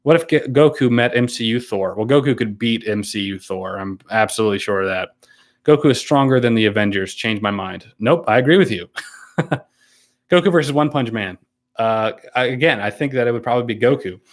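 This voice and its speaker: A man's voice: mid-range voice, fairly quick. A man hosting a casual live stream, reading viewer comments aloud and answering them in an easygoing, hesitant way. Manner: easygoing, hesitant, many ums and restarts, laughs often.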